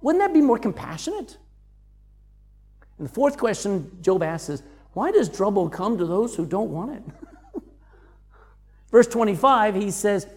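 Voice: mid-range voice, big pitch swings, measured pace, pauses often, a little mellow, big-room sound. A preacher giving a sermon, reading verses aloud and acting out the voices of the people quoted. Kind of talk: sermon teaching on scripture.

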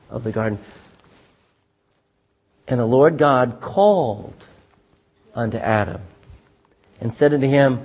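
A pastor preaching a sermon, reading scripture aloud and calling for amens from the congregation, with dramatic swings between loud and hushed delivery. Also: male voice, medium pitch, husky. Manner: asks the congregation for "Amen?" responses; reads scripture in King James wording.

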